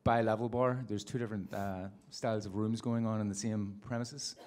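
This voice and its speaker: A man's voice: on the low side, fairly even intonation, normal speed, a little mellow. A man speaking as a bar-owner guest on a live panel, self-deprecating and laughing easily.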